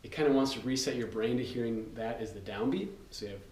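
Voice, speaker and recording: Relaxed man teaching drums, roomy and distant. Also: medium pitch, quick pace. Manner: relaxed, loose, with fillers and counting aloud. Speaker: drum teacher. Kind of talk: casual instructional talk. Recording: roomy, distant mic, loud noise.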